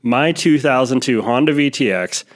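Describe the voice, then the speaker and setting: A man hosting a podcast in casual chat, easygoing with quick reactions. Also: medium pitch. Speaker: podcast host.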